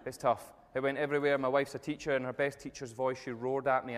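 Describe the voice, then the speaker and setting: A man's voice: medium pitch, fast. Man speaking in a reverberant hall. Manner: jokey, energetic storytelling, addresses the crowd directly. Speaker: motivational speaker. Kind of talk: live audience talk. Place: event room with tables and audience. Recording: long reverb of a large hall.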